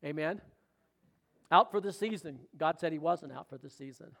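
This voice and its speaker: A middle-aged pastor with a drawl preaches in a fairly high voice. He calls out for amens and teases people in the pews between points. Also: normal speed, vocal fry, a bit bright. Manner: exclamatory, calls for amens and jokes with the congregation. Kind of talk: sermon.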